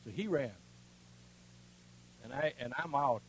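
An older man preaching, telling a personal story in a folksy way, dropping to a hush and then rising loud. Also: mid-range voice, expressive, unhurried, a little hiss or hum, low-quality recording. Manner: folksy storytelling with strong swings between hushed and loud. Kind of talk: sermon with personal testimony.

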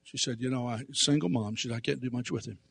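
A man preaching through a personal story, animated, dropping to quiet asides and rising to loud emphatic outbursts. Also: mid-range voice, fast, creaky, breathy edge. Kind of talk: storytelling sermon.

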